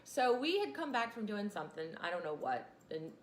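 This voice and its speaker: A woman's voice: medium pitch, very animated, fairly quick, roomy sound. A woman, teaching a casual class and rambling into chatty asides.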